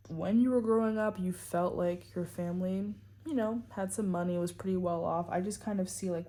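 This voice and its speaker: A woman's voice: on the low side, warm tone. Rambling woman giving a tarot reading. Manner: rambling, full of "like" and "you know". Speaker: tarot reader.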